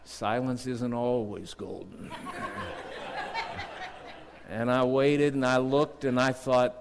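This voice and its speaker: A middle-aged man preaching a sermon in a church, earnest and storytelling, slowing down to read scripture. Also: mid-range voice, steady tone, vocal fry. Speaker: district superintendent preaching. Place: church sanctuary. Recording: long church reverb.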